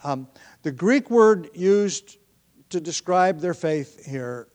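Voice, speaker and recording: A man preaching a verse-by-verse Bible sermon in a conversational, thinking-aloud way, with frequent ums, restarts and throat clearing. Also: on the high side, animated, slow, darkish tone.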